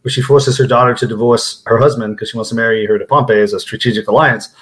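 A man's voice: medium pitch, steady tone, quick pace, fairly bright tone, slight background noise. A man being interviewed as an author guest, explaining his ideas confidently in casual conversation.

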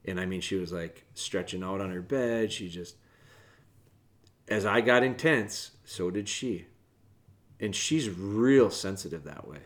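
A man hosting a casual podcast from home, talking earnestly and rambling with restarts, often dropping to a soft, quiet voice. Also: lowish voice. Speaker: podcast host, dog trainer. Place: home, with dogs in the room.

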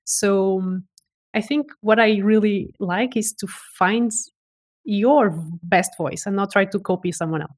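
A woman's voice: mid-range voice, a little slow. A woman guest speaking as a voice expert in a casual interview, enthusiastic and given to restarts and repeated words.

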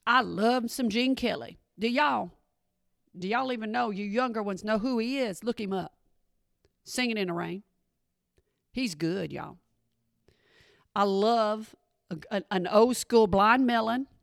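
A middle-aged woman, hosting a podcast and chatting with her listeners, calling them y'all. Her voice is a little hoarse, with an occasional frog in her throat. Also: fairly high pitch, measured pace, dry recording, studio quality. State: slightly hoarse, clearing throat. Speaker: podcast host. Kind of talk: casual chat.

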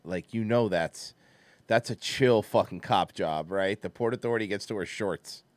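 A man's voice: fairly low pitch, normal speed, no echo. A man co-hosting a casual reaction stream, wisecracking and mocking, swearing casually. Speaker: stream co-host.

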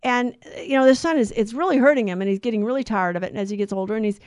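A woman telling a moral story in a casual, animated way, acting out the characters' lines. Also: on the high side, racing, clean tone, dry recording. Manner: animated, acts out the lines, many restarts.

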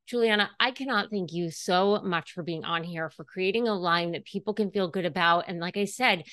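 A woman's voice: on the low side, fairly quick, no room sound. A woman hosting a podcast interview, talking in a chatty, filler-heavy way. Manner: chatty, warm-hearted, many fillers. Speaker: podcast host. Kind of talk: casual interview chat.

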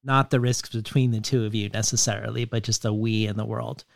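Measured male interviewer, dry close sound. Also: lowish voice, fairly even intonation, vocal fry, no room sound. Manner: measured, deliberate, literary. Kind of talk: prepared interview questions with read quotations.

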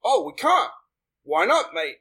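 A man's voice: sits high, very animated, a little slow, bright, forceful tone, slightly rough, pitched above the performer's own voice, heavily acted, poor audio. A man putting on a cheery, apologetic mock-Canadian accent with Australian touches, calling people mate. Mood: jolly. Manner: bouncy, apologetic, comic. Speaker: game player.

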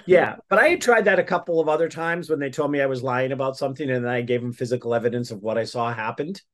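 A man's voice: medium pitch, quick pace. A man telling a story as a guest in a casual interview, rambling with many restarts.

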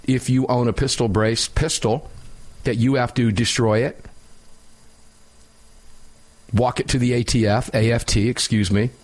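A man's voice: mid-range voice, fairly even intonation, moderate pace. A man hosting a talk radio show, opinionated and sarcastic, chatting casually with a co-host. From United States. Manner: opinionated, sarcastic, laughs while mocking.

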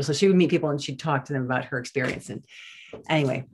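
A woman, a nurse and guest on an interview, telling stories in an animated, chatty way with many restarts. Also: a bass voice, quick pace, husky. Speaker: nurse and plant-based diet advocate, guest. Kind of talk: casual interview storytelling.

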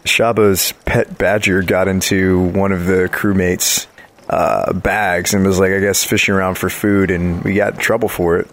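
A man's voice: deep voice, flat delivery, moderate pace. A man playing a tabletop role-playing game, joking in a dry way in and out of character. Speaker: player. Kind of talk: casual tabletop game chat.

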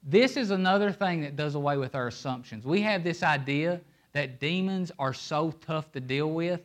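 A man's voice: on the high side, moderate pace. A man preaching a sermon on a microphone, emphatic and pulling listeners in with questions. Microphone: handheld microphone.

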